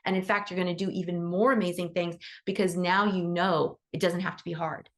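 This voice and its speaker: A woman's voice: fairly low pitch, fairly even intonation, fairly quick. A woman who teaches animal Reiki, hosting a casual support call, chatty and encouraging as she acts out bits of dialogue. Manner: motivational, affirming.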